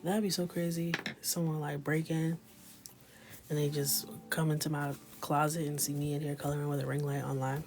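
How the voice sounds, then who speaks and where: A woman in her thirties chatting in a mostly whispered, joking way while coloring, with sudden loud shouts. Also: sits low, little pitch movement, moderate pace, faint music behind. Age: 30s. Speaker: coloring livestreamer. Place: small closet with a ring light.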